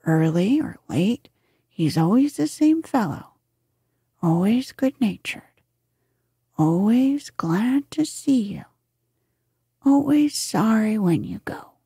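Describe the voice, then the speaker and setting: A woman's voice: on the high side, big pitch swings, takes it slowly, pauses often, mellow, no room sound, studio quality, full character voice. A woman whispering the part of a cheerful, good-natured male water rat in a storybook, as whispered role-play, eager and hearty in manner. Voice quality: breathy whisper.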